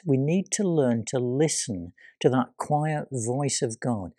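A man preaching a sermon, retelling scripture with dramatic pauses and hushed quoted voices. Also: mid-range voice, animated, no room sound, clean studio sound.

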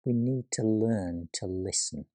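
A man preaching a sermon, retelling scripture with dramatic pauses and hushed quoted voices. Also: lowish voice, dry recording.

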